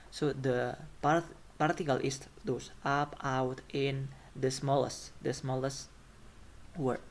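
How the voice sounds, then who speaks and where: A man's voice: medium pitch, steady tone, takes it slowly. A man lecturing on phonetics, listing example words and often checking in with the class. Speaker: phonetics teacher.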